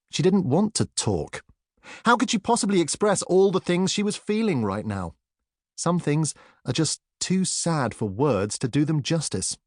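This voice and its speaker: A man narrating a children's audiobook in an expressive storytelling manner. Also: on the high side, dry recording, clean studio sound. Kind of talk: scripted narration.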